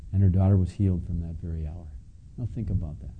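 A man's voice: sits low, steady tone, quick pace, narrow, tinny audio, slight background noise. A man preaching a conversational sermon, reading scripture and adding casual asides to his listeners. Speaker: pastor. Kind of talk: sermon teaching.

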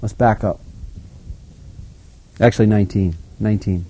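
A man acting as pastor, reading scripture aloud and then commenting on it in a relaxed, conversational way. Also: on the low side, moderate pace, breathy edge, dry recording, low-quality recording. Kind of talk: Bible reading with sermon commentary.

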